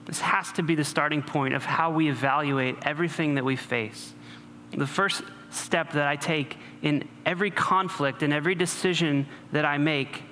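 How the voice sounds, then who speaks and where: A man delivers a sermon with a bright, forceful voice of middle pitch. He talks to the congregation conversationally and slips in joking asides. The sound carries a long hall reverb and faint background noise. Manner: conversational preaching with humor and asides. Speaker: pastor.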